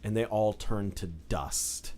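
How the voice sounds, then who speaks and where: A man's voice: lowish voice, slow pace, a crowd in the background. Rambling young man running a tabletop game. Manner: loose, filler-heavy describing with many "like"s. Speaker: game master. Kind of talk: casual tabletop game narration.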